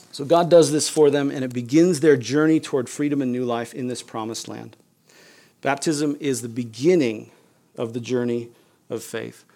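Male pastor, casual conversational sermon, mid pitch, gravelly. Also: a little mellow. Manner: conversational, casual with fillers like "you guys" and "like".

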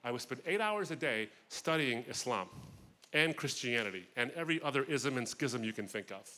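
A man with a bright, clear-edged voice speaks to a crowd as a guest speaker, recounting a personal testimony. He tells the story expressively, pausing for vivid asides, with his pitch sitting in an ordinary middle range. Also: expressive. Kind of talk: personal testimony talk at a festival.

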